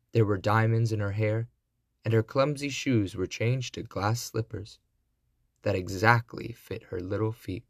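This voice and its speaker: A man reading a classic fairy tale aloud, in a deliberate storybook narration. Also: lowish voice, no echo, studio quality.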